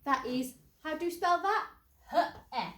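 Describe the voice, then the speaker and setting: A woman's voice: sits high, animated, slow, fairly bright tone. A woman teacher, giving a phonics lesson and sounding out letters in an encouraging way. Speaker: primary school teacher. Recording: echoey room, faint background noise.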